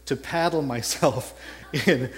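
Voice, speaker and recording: A man with a Texan accent, a pastor giving a conversational sermon that mixes scripture with a personal story, often correcting himself mid-sentence. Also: medium pitch. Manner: conversational, self-correcting, chuckles at his own stories.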